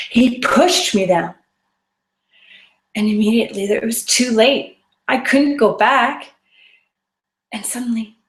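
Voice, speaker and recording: Woman telling a personal story in an echoey room. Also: on the high side. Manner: earnest and vivid, drops to a whisper at tense moments.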